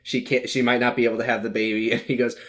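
A man co-hosting a podcast in casual chat about a TV episode, laughing often and dropping into a low deadpan when he quotes characters. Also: quick pace. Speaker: podcast co-host.

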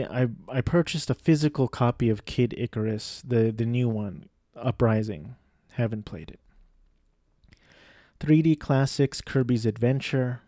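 A man's voice: medium pitch, mellow, no echo, clean studio sound. A young man talking casually on his own, rambling through a list of video games with many ums and restarts, joking at his own expense. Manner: rambling, self-deprecating, many fillers and restarts. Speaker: video game vlogger. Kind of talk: casual monologue listing games.

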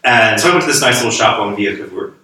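Priest, low voice with a bright, sharp tone, easy anecdotal delivery, echoey room, mic at a distance. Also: male voice, fast. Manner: laughing, anecdotal. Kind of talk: casual conversation.

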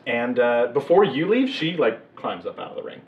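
A man's voice: medium pitch, sing-song, moderate pace. A man narrating as game master of a tabletop game, in a loose, rambling way full of fillers. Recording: distant, echoey, muffled mic.

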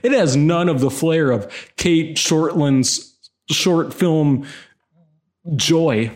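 A man's voice: a little high, drawn-out words. A man co-hosting a casual film chat, sarcastic and ranting, his voice jumping up when annoyed. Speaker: podcast co-host.

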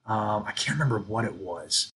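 A man co-hosting a sports podcast, telling stories in an animated, ranting way. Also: on the low side, moderate pace, husky. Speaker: podcast co-host. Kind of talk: casual sports chat.

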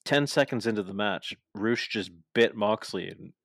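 Brief: low-voiced guy, casual co-host, excitable storyteller, dry close mic. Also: moderate pace, dry recording. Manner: excited storyteller, swears freely, acts out quotes. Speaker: podcast co-host. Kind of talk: casual wrestling chat.

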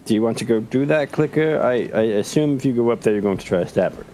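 A man's voice: mid-range voice, expressive, fast talker, dark tone, a little hiss or hum. A man chatting casually as a player in a tabletop game, joking along.

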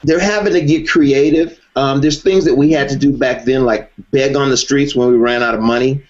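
Man talking in a measured, easygoing way. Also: medium pitch, fairly even intonation, a little mellow. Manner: measured, frequent "you know" fillers. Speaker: guest, former reality race contestant. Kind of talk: conversational interview. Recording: dull lo-fi recording.

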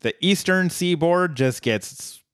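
A man's voice: a little high, lively intonation, takes it slowly, fairly bright tone, clean tone, dry recording. A man co-hosting a podcast, recapping an episode in casual, dry chat. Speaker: podcast co-host.

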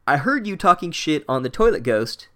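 A man's voice: a little high, very animated, moderate pace, bright, forceful tone, voice pushed up. A man voicing a cruel, mischievous male trickster ghost who taunts and mocks. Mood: taunting. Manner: jeering, mocking.

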